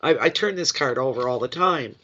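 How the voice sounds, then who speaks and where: A man's voice: mid-range voice, animated, brisk, bright, forceful tone, a little hiss or hum. A man with a runny nose from a cold, doing a chatty, rambling, emotional tarot reading on a live stream. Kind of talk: live card reading chat. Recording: dull lo-fi stream audio.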